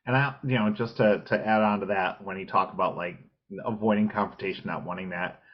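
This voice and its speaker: A podcast co-host in casual chat, blunt and outspoken. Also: male voice, on the low side, steady tone, fairly quick, breathy edge. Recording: dull lo-fi sound.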